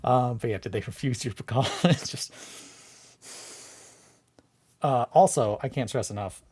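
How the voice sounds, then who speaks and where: A man hosting a hobby video, talking in a casual, rambling way, swearing freely and trying to calm down from a bad mood. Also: medium pitch, unhurried, husky. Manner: excitable, rambling, swears freely, restarts often.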